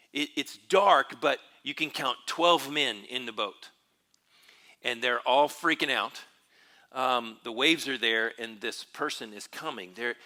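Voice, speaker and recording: Male pastor, mid-pitched, very bright tone, thoughtful sermon delivery with frequent restarts. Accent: Texan. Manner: reflective, searching, with frequent fillers and restarts. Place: church.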